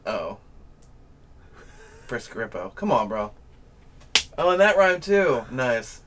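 A man's voice: mid-range voice, very animated, slow, noisy background. Dry, teasing male podcast co-host. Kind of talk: casual chat.

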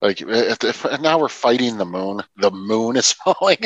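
Sarcastic man with a lively voice. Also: lowish voice, a little slow, no room sound, lo-fi sound. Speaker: podcast co-host. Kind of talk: casual film podcast chat.

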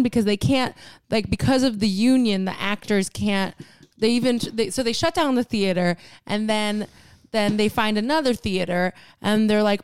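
Young woman co-host, casual and giggly, smooth voice, dry recording. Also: fairly high pitch, normal speed, no echo. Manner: giggly, rambling retelling with silly voices. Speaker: podcast co-host. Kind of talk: casual movie chat.

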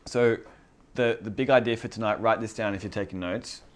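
A pastor delivers an informal sermon to a small group in a fairly low voice, briskly and with fairly even intonation. He speaks earnestly and conversationally, restarting phrases and repeating key words along the way.

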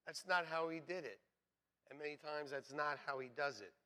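A man preaching a sermon as pastor, swinging between hushed, quiet passages and loud, shouted exclamations. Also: on the high side, normal speed.

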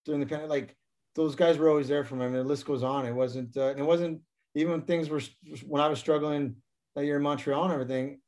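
A man's voice: fairly high pitch, steady tone, quick pace, a little mellow. A man, a former hockey player, telling stories as a guest in a casual interview, often repeating and restarting his words.

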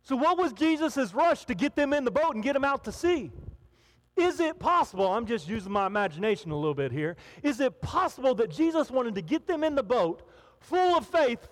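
A pastor preaches a sermon to a congregation in a hall with an audience, speaking at a moderate pace in a very high, sing-song voice. He's animated, acting out the voices of the people in his story.

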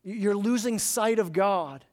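Male pastor, higher pitched, conversational sermon delivery with stammered repeats for emphasis. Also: slow pace, darkish tone.

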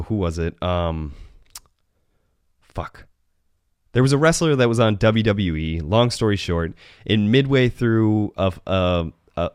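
Man, solo podcast host, low smooth voice, rambling and profane, dry close sound. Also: dry recording. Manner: rambling, profane, self-correcting.

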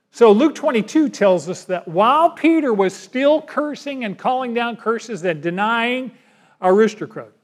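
A male pastor delivering a sermon. He talks in a folksy, conversational way, and his voice sits fairly high. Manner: folksy, conversational preaching with acted asides.

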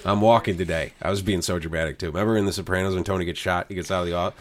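A man's voice: deep voice, steady tone, racing. A man on a podcast, casually telling a story, swearing often and laughing a lot. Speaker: podcast host. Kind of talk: casual chat.

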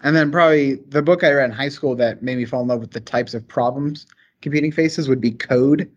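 A man's voice: medium pitch, a little fast, highs cut off. Eager young Southern-accented man. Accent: Southern American. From rural American South. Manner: eager, enthusiastic, rambling storyteller. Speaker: guest, engineer. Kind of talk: casual podcast chat.

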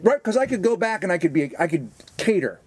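A man's voice: high voice, big pitch swings, quick pace, a little mellow, breathy edge, no room sound. A middle-aged man and stand-up comedian co-hosting a podcast, talking in a profane, confessional way that slides into joking threats. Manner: profane, confessional, then mock-threatening banter. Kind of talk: casual podcast chat.

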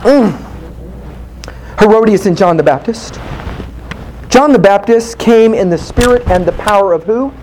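A man preaching fervently, dropping his voice low to act out quoted speakers. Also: animated, measured pace, pauses often, darkish tone, a little hiss or hum, low-quality recording. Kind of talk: impassioned preaching.

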